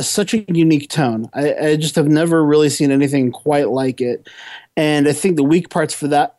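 A man's voice: a little high, mellow, no room sound. Dry-voiced man reviewing a horror film. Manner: enthusiastic and rambling, with frequent restarts. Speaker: podcast co-host and film reviewer. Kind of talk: casual podcast film review.

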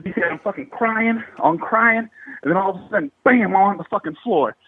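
A man's voice: high voice, brisk, breathy edge, no echo, phone-quality sound. A man in his thirties from the Bay Area, telling a paranormal story in slangy, profanity-heavy casual talk. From Bay Area, California. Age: 30s. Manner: heavy swearing, slangy and animated.

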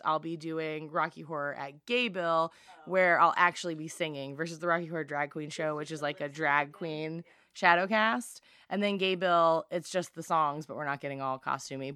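A tired woman co-hosting a podcast, chatting casually and laughing often, her voice lower than usual. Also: sharp tone, smooth, no room sound. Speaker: podcast co-host and stage actor. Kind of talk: casual chat.

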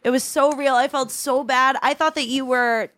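A woman in her thirties, co-hosting a podcast at home, talking fast and excitably in a casual chat, swearing freely and calling people dude and man. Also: high voice, no echo. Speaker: podcast co-host.

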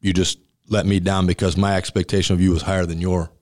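Low-voiced male restaurant owner, blunt and emphatic, casual interview storyteller. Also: level tone, quick pace, a little mellow. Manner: emphatic and blunt, acting out dialogue with laughs. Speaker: restaurant owner and former college football center.

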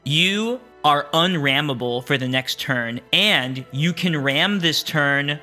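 A man's voice: fairly high pitch, takes it slowly, pushed and bright, soft background music. Laughing man running a tabletop game. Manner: upbeat, laughs often, with filler restarts. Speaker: game master.

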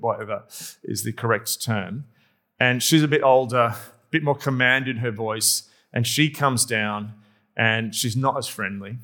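A man's voice: medium pitch, a bit bright. A male pastor delivering a sermon as humorous, self-deprecating anecdotal storytelling.

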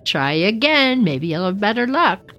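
A woman's voice: medium pitch, sing-song, measured pace, fairly bright tone, voice pushed up. Sly smug trickster man, sweet fake pity, bouncy storybook voice as the lady reads. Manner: sweetly smug, falsely sympathetic. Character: sly cheerful male trickster, smug and teasing.

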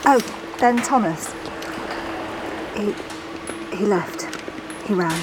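A woman's voice: medium pitch, expressive, slow, noisy background. An actress playing a dry, sardonic young woman in an audio drama. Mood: flustered, polite. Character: dry, understated young woman, wry under pressure.

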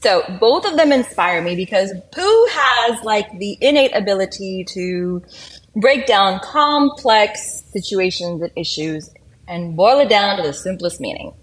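Middle-aged woman, podcast guest; bubbly, laughs easily, lively melody. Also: mid-range voice, a little slow, low-quality recording. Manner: bubbly, laughs often, animated. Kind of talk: casual interview chat.

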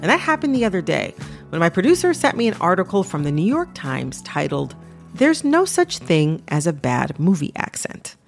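A woman hosting a radio talk show, speaking in a lively, incredulous way. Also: fairly low pitch, normal speed, vocal fry, music in the background. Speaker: host.

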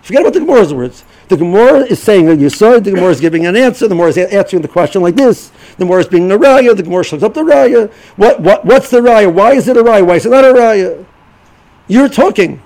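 A middle-aged man giving an informal Torah lesson, halting and repeating words as he restarts sentences. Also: high-pitched, animated, darkish tone, low-quality recording. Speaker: yeshiva rebbe giving a shiur.

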